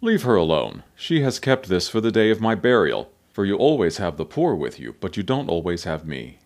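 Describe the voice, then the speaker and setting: A man's voice: low voice, huge pitch swings, moderate pace, darkish tone, heavily acted. A man voicing a solemn male teacher.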